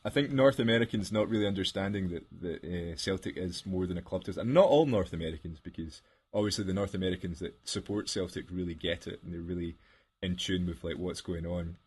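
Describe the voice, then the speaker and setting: A man's voice: deep voice, fast talker, a little mellow, slightly rough. A man co-hosting a podcast, telling rambling stories with laughs in casual chat. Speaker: podcast co-host.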